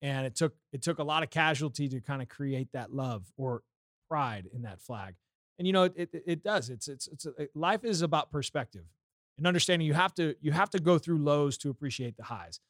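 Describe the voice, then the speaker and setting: A man with a fairly high voice shares his thoughts in casual talk, earnest and reflective. He swears now and then in an easy way. The recording is dry, with no room echo. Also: lively intonation, brisk. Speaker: podcast co-host. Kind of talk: casual political chat.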